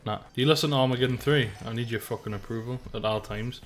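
A man's voice: mid-range voice, quick pace. A young man chatting casually while playing a game, joking, swearing and laughing often. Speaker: gamer. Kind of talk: casual gaming chat.

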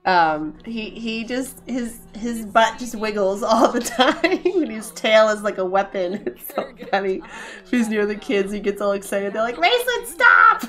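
A woman's voice: mid-range voice, a little slow. Giggly woman chatting over a game. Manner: chatty, giggly, talks to her pets and game characters. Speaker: gaming video creator. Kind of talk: casual let's-play commentary. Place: at home.

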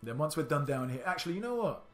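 A man's voice: a little high, sing-song, quick pace, soft background music. A man giving indecisive let's-play commentary, muttering to himself and swearing now and then. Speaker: gaming channel host.

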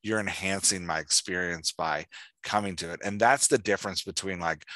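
A man hosting a writing podcast, chatting in an animated way and filling his talk with "like" and "right?". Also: deep voice, normal speed, no echo. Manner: animated, lots of "like" and "right?", reads examples aloud. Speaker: podcast host, writing coach. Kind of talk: casual explanatory chat.

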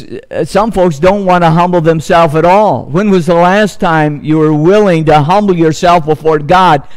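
A man pastor preaching a sermon, repeating key phrases and building emphasis as he exhorts the congregation. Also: fairly high pitch. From United States.

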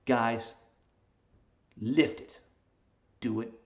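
A man's voice: mid-range voice, steady tone, extremely slow, gravelly, highs cut off. A man hosting a fitness vlog in a casual, jokey way, hamming it up in a silly put-on accent.

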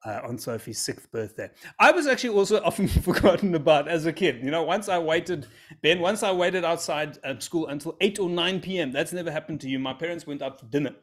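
A man's voice: a little high, expressive, a little fast. A man, telling a scripture story as a comedy routine with self-amused, rambling asides. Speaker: comic storyteller.

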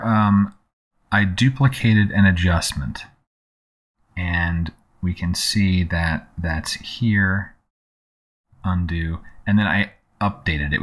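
A man hosting a casual photo-editing tutorial, talking through his steps in a relaxed, conversational way with plenty of "you know" and "um". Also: deep voice. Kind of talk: casual screen-recorded software tutorial.

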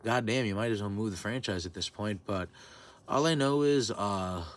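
A man's voice: lowish voice, moderate pace. A man in his twenties telling a heated, profane story in a vlog rant. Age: 20s. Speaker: vlogger. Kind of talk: ranting storytime.

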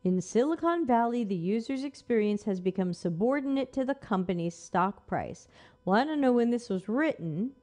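A woman's voice: a little high, lively intonation, moderate pace, dark tone. A woman hosting a live stream who reads an article aloud and answers it with skeptical, sarcastic remarks. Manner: skeptical, sarcastic, talks back to the text. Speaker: host.

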